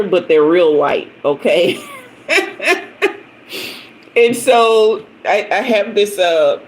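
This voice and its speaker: A woman's voice: on the low side, a little hiss or hum, poor audio. Chatty middle-aged woman, laughing. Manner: chatty storyteller, laughs often, greets commenters by name. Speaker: tarot reader hosting a livestream. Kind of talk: casual live-stream chat.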